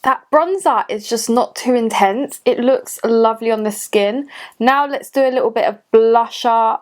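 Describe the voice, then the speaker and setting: Chatty woman in her late twenties. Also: on the high side. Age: late 20s. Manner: chatty and gushing, talking to herself while applying makeup. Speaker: beauty vlogger. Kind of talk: casual makeup tutorial chat. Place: home room at a cluttered desk.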